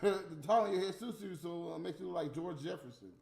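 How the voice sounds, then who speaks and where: High-voiced man ranting in a roomy space. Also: quick pace, vocal fry, darkish tone. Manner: heated, blunt, rambling, swears constantly. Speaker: livestream host. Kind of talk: profane casual rant. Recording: roomy echo with faint music.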